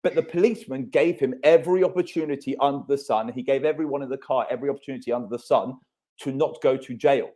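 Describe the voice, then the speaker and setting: Animated man telling stories. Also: mid-range voice, fast talker. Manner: animated storyteller, swears freely. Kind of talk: casual podcast chat.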